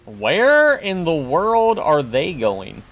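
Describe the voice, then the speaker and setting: A man streaming a video game, chatting casually and joking as he plays, often yelling at the game. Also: a little high, huge pitch swings, very slow. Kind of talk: casual gameplay commentary.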